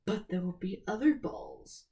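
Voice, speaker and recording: A woman voicing a haughty, mocking stepmother in a slow, sneering storybook voice. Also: mid-range voice, lively intonation, dark tone, close to an everyday voice.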